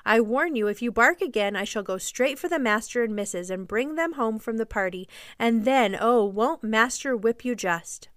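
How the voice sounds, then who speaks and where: Casting: a cross storybook nursemaid, read by a woman, stern and scolding, smooth clear voice. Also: on the high side, animated, moderate pace, hardly any pauses, a bit bright, dry recording, clean studio sound. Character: bad-tempered young nursemaid, dense and stern.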